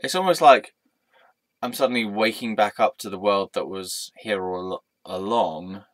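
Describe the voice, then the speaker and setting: A man's voice: fairly low pitch, moderate pace, no room sound. A man in his thirties talking through a rambling, candid personal vlog, swearing freely, with plenty of ums and dry sarcasm. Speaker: vlogger. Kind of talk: casual personal vlog monologue.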